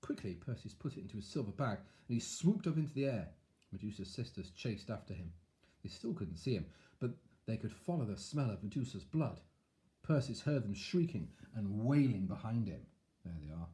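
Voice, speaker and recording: A man's voice: fairly low pitch, fairly quick. A man reading a picture book aloud to children, with chatty asides. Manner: animated, chatty asides to young listeners. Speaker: storyteller.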